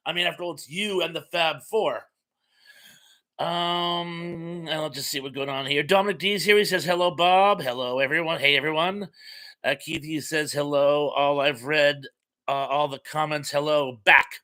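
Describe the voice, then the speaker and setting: A man's voice: on the high side, fairly even intonation, moderate pace, sharp tone. A man hosting a live stream, chatting casually as he reads out viewer comments in a friendly, rambling way with many fillers.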